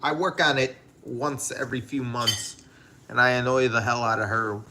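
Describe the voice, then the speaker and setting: A man in his home kitchen running a casual cooking livestream, talking straight to his viewers. His voice sits at an ordinary middle pitch, and he keeps up a loose, chatty flow as he reads out their comments. A faint hiss runs underneath. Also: steady tone, normal speed. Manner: chatty, talks to viewers and reads chat aloud. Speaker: livestream host.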